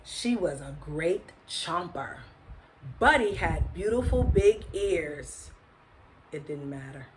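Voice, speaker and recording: A woman reading a picture book aloud to children, expressive, with chatty asides to her young listeners. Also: lowish voice, takes it slowly, background noise. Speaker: storyteller.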